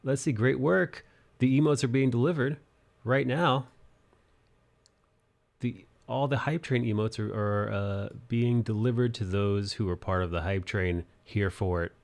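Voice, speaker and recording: A man's voice: mid-range voice, unhurried, vocal fry. A young man hosting a live drawing stream, chatting loosely, laughing and thanking viewers for their support. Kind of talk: casual live-stream chat. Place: apartment in an old city building.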